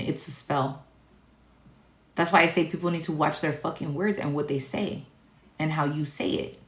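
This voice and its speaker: A woman with a deep, low voice holds forth as a tarot reader, rambling through a spiritual monologue. She talks bluntly, swears a lot and leans on fillers. Her voice bounces around an echoey room. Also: fairly even intonation, moderate pace, long pauses. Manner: blunt, heavy cursing, rambling with many fillers.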